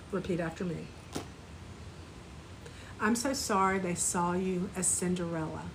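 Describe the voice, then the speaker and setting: Gentle woman leading a healing class. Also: lowish voice, fairly even intonation, measured pace, long pauses, slight background noise, rough recording. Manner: gentle, guiding, repeat-after-me phrasing. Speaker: spiritual teacher. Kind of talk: guided energy clearing and compassion exercise.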